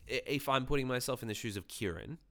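A man's voice: mid-range voice, fast, pushed and bright. A man co-hosting a podcast, recapping a reality show in casual chat with wry asides and casual swearing. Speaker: podcast co-host.

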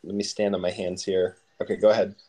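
A man's voice: low voice, little pitch movement, mellow. A man co-hosting a podcast, bantering casually and tossing out silly jokes and asides. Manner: jokey, quick with silly asides. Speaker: podcast co-host.

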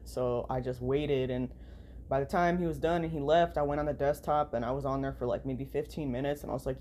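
A woman's voice: rumbling low, fairly even intonation, a little fast, mellow, slight background noise. A tired, sleep-deprived woman with a nasal voice, talking in a rambling casual vlog, full of "like" and "you know" and freely swearing. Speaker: vlogger.

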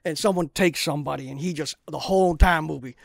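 A man's voice: fairly high pitch, fast talker, vocal fry, dry recording, clean studio sound. A man co-hosting a wrestling podcast, telling wild made-up scenarios in casual chat. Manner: animated storyteller, acts out scenes.

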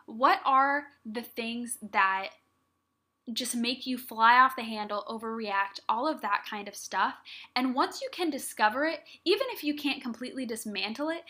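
A young woman hosts her own podcast and talks alone to her listeners. Her voice is bright and sits a little high. She sounds earnest and encouraging, speaking directly to the audience. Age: young adult. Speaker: podcast host. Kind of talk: solo motivational talk.

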